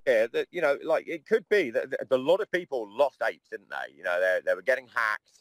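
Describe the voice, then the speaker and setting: A man speaking in a casual podcast chat, his pitch swinging up and down with a lot of life. He is blunt and swears freely, and his voice sounds dry and close to the mic. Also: lively intonation, brisk, dry recording.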